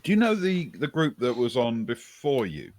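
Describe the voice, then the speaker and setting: A man questions a character in a role-play game, hesitant and polite with frequent restarts. His pitch moves a lot across his sentences. It sits in a middle register. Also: big pitch swings, moderate pace, darkish tone. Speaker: player. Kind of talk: role-play investigation chat.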